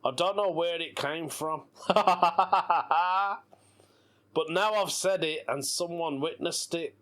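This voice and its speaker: With faint music behind him, a British podcast host in his thirties speaks at a moderate pace in a fairly high, fairly bright voice. His solo show is casual, full of laughter and playful giggling.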